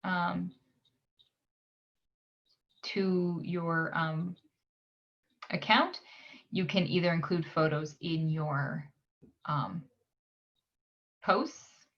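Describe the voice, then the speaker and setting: A woman with a slightly low voice walks through a computer tutorial at a very slow, patient pace. She pauses often with "um" as she clicks around. The sound is a little dull and lo-fi. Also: steady tone. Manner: unhurried, frequent "um" pauses while clicking. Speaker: library staff tutor. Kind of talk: screen-share software tutorial.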